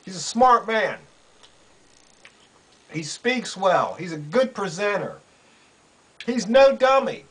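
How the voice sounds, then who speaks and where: Man, high voice, slow delivery, sarcastic incredulous commentary, repeats points. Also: sing-song, fairly bright tone, husky, rough recording. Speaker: political commentary vlogger. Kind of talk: casual commentary. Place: quiet room under a roof in rain.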